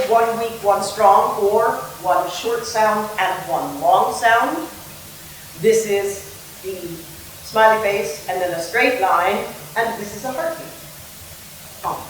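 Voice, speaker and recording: A theatre director teaches verse meter in a playful way, tapping out the rhythms with her voice. She is a woman of middle pitch, heard from some distance off the mic. The room is very echoey and has a faint hum behind her. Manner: playful, sings and acts out rhythms.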